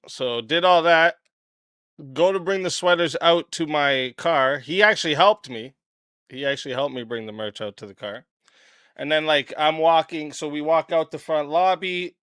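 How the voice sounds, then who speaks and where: Smooth-voiced man telling a blunt story. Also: on the high side, moderate pace, fairly bright tone, dry recording, studio quality. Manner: blunt, profane, clears throat often. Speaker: channel host. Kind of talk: casual storytelling.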